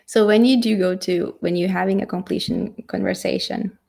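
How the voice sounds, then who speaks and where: A woman teaching how to communicate, in a reflective, halting way that thinks aloud. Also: medium pitch, sing-song, creaky, a little mellow. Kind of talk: casual teaching talk.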